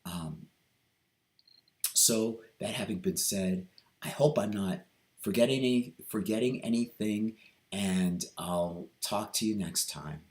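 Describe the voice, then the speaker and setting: A man talking through a reflective personal vlog, hesitant and earnest, with many pauses, ums and restarts. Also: lowish voice, a little mellow. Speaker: vlogger.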